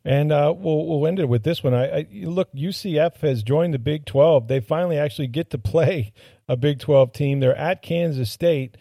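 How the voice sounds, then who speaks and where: A man's voice: a little high, normal speed, gravelly, dark tone, no room sound, clean studio sound. A man hosting a sports podcast, talking casually and easygoing with filler words.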